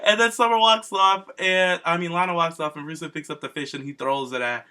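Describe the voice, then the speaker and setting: A man's voice: on the high side, steady tone, brisk, bright, forceful tone, smooth. A man co-hosting a casual wrestling podcast, gushing and campy, full of slang. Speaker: podcast co-host.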